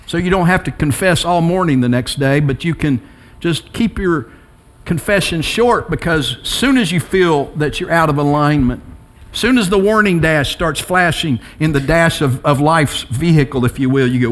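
Speaking at a normal pace in a slightly high voice, a middle-aged pastor delivers a sermon, telling personal stories that shift between quiet reflection and emphatic rises.

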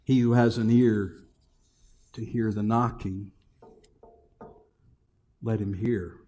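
Middle-aged guy preaching, asks the crowd lots of questions, gets loud then goes real quiet. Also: fairly low pitch, steady tone, takes it slowly. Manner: swings between loud exhortation and soft, hushed delivery; many rhetorical questions to the congregation. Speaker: pastor. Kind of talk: sermon.

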